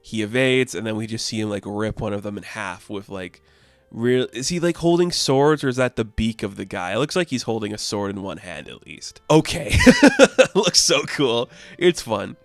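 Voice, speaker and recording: A man with a fairly low voice gives a casual, upbeat comic book review, chatting along and laughing now and then. He is recorded up close in a dry room. Faint music plays underneath. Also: expressive, normal speed, vocal fry, no echo. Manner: chatty and upbeat, laughs often, small restarts.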